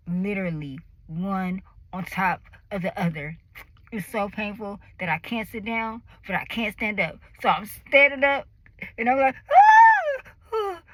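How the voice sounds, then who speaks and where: A woman in her thirties telling a personal story in a lively, animated way, acting out the voices and cries of the moment. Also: mid-range voice, no echo, low-quality recording. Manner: animated, acts out her own screams and quoted voices. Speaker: vlogger.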